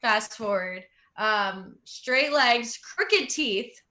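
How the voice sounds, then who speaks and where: A woman's voice: fairly high pitch, expressive, drawn-out words, pushed and bright. A young woman from Russia with no Russian accent, doing chatty, self-mocking stand-up as host and laughing at her own jokes. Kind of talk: stand-up comedy.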